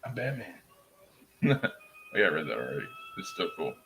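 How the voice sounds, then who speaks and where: Playful man chatting live, lively pitch. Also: quick pace, gravelly, a little hiss or hum. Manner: playful and joking, laughs often. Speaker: livestreamer chatting with viewers. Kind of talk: casual live chat.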